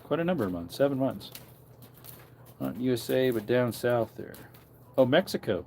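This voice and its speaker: A man's voice: medium pitch, expressive, moderate pace, vocal fry, darkish tone, a little hiss or hum. A man in his thirties chatting casually on a livestream, rambling and answering chat comments aloud, outdoors near farm animals. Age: 30s.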